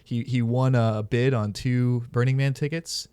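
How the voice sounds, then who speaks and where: A man's voice: medium pitch, fairly even intonation, a little slow, dark tone, smooth, dry recording. A man hosting a podcast, telling stories in casual, candid and profane chat. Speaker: podcast host.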